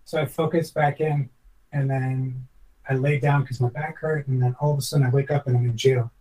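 A man's voice: mid-range voice, level tone, a little fast, warm tone, distant mic, poor audio. A former chef, a man, telling a long personal story in a podcast interview, reflective and earnest, rambling with many restarts.

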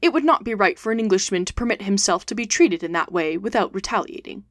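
A cool, unflappable English gentleman from a storybook speaks calmly and formally, read by a woman. His lines are clipped, with a mid-pitched, even tone. The sound is dry and close, with no room around it. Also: quick pace, dry recording, lightly acted.

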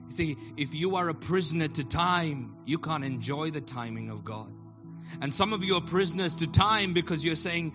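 Male preacher, high voice, fervent and repetitive, swells into shouts over live keys; muffled recording. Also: lively intonation, normal speed. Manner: impassioned, repetitive, builds to shouted and sung declarations. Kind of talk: sermon. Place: church. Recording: dull lo-fi recording with keyboard music. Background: live keyboard playing.

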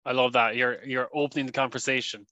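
A man's voice: medium pitch, steady tone, fast talker, bright, forceful tone, no echo, lo-fi sound. A man hosting a podcast, chatting casually and repeating words as he thinks aloud. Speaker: podcast host. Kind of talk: casual interview chat.

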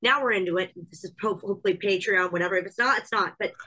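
A woman's voice: medium pitch, fast, bright, forceful tone, slightly rough, low-quality recording. Emphatic woman podcast host. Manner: emphatic, repeats herself while thinking aloud. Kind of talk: casual chat.

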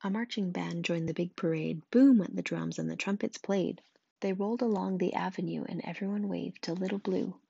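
A woman reads a rhyming children's book aloud in a lively, rhythmic way. Her voice has a gravelly, slightly husky texture. The recording is dry and sounds dull and muffled. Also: lowish voice, a little fast, dry recording. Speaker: storyteller. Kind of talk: reading a picture book aloud.

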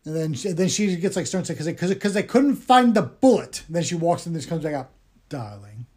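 A man's voice: a little high, expressive, fast, darkish tone. A man co-hosting a casual film podcast, rambling with many restarts while retelling movie scenes. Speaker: podcast co-host. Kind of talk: casual chat.

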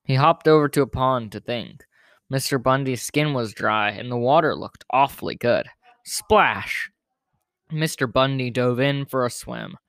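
A man reads a children's picture book aloud for his podcast, relaxed and informal, now and then correcting himself. His voice sits in a middle register. The sound is dry and close to the mic. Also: medium pitch, unhurried, vocal fry, no room sound. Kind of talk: storybook read-aloud narration.

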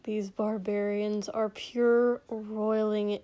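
A woman's voice: mid-range voice, little pitch movement, takes it slowly, mellow, natural voice. Woman doing a hungover, grumbling young prince. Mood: grumpy. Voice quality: hoarse, whispery. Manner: sullen, muttering.

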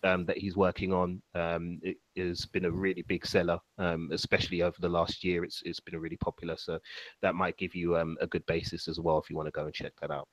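A young man hosts a casual podcast chat in a low voice. He talks loosely, with plenty of fillers and easy laughs. The sound is dry and close. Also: brisk, no echo. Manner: relaxed, many fillers, laughs easily. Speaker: podcast host.

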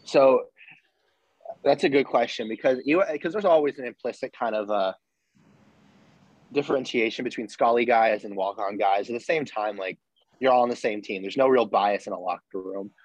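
A young man of middle pitch recounting his story as a podcast guest, animated and loose, peppering his talk with swearing and "like." The mic sound is dry and close. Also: moderate pace, dry recording, muffled recording. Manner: animated, swears freely, many restarts and "like"s. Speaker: podcast guest, former college football walk-on. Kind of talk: casual interview storytelling.

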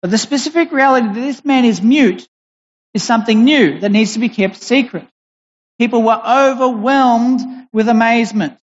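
A preacher giving a sermon in a deliberate, emphatic way, pausing and restarting as they explain. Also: mid-range voice. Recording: dull recording in a reverberant hall.

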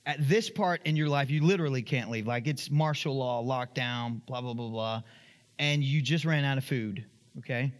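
A man preaching a sermon as pastor in a church, animated and acting out the voices of the people in his story. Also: normal speed, long reverb tail. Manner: animated, acts out quoted voices, rises to high emphatic pitch.

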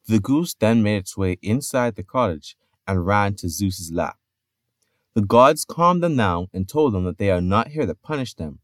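Male podcast storyteller, lively delivery, deep, dry sound. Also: no room sound. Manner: expressive storytelling with playful asides. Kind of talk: narrating myths.

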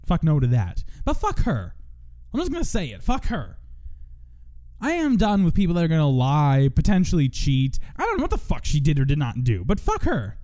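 A man's voice: on the high side, huge pitch swings, normal speed, mellow. A young man hosting a solo podcast, venting in a profane, rambling monologue full of restarts. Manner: profane, rambling, self-interrupting. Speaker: podcast host.

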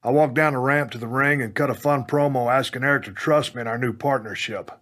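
A man from Texas narrating his own memoir as an audiobook, in a gruff, plainspoken storytelling way with some mild cursing. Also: medium pitch, a little fast. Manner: punches up quoted lines with loud bursts.

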